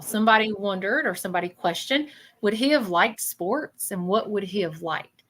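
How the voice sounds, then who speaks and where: Casting: woman, psychic medium hosting a live reading, chatty, bright tone. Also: medium pitch, animated, normal speed, a little hiss or hum, low-quality recording. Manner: chatty, keeps checking in with 'okay?'.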